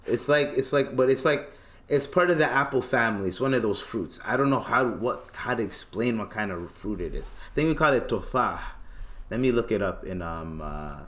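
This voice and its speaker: A man's voice: medium pitch, normal speed. A man hosting a podcast, telling a casual story in slangy talk and acting out the voices of the people in it. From Tanzania. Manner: animated, slangy, acts out quoted voices. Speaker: podcast host.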